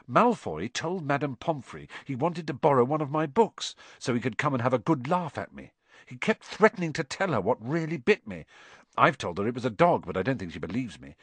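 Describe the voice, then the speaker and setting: A man puts on a worried teenage boy from a storybook. He whispers fast and anxiously, his voice rising and falling a lot. The sound is dry and close. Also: mid-range voice, big pitch swings, a bit bright, slightly rough, no echo, voice pushed up. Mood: fretful whisper. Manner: fretful, hurried whispering. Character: anxious injured schoolboy, teen.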